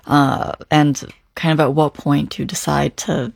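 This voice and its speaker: A woman interviewing a guest, asking gentle, encouraging questions with some hesitant phrasing. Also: deep voice, steady tone, a little slow, gravelly, no echo.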